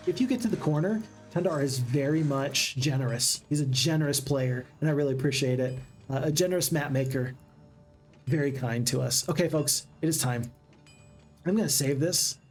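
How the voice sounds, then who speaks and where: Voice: mid-range voice, a little mellow. A gaming channel host giving upbeat, casual let's-play commentary and chatting with viewers.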